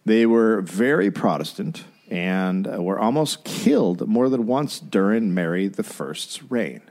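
Animated joking male podcast host. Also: lowish voice, measured pace. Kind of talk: comedic history podcast chat.

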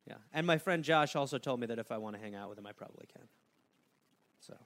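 A man co-hosting a comedy podcast, his voice bright and clear with a lively, bouncing pitch. He tells stories in a loose, rambling way and laughs often at his own jokes. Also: fast. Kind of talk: casual comedic chat.

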